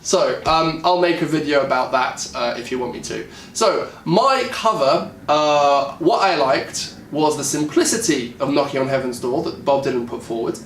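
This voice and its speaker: A man with a British accent talking casually about how he interprets a song, thinking aloud with lots of fillers and pauses. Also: a little high, a bit bright, recorded from a distance, slight background noise. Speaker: singer and music YouTuber. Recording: echoey room, voice a bit off-mic.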